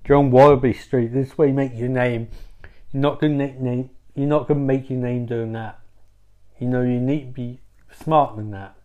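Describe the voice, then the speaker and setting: A blunt, scolding female monster mentor, put on by a man in a slightly low, quieter voice. She lectures without much patience. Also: steady tone, normal speed, lo-fi sound, natural voice. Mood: lecturing.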